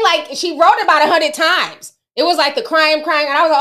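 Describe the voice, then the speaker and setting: A woman's voice: high-pitched, steady tone, a little fast, bright, forceful tone. A middle-aged woman hosting a casual livestream, chatting with her viewers and laughing often. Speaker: livestream host.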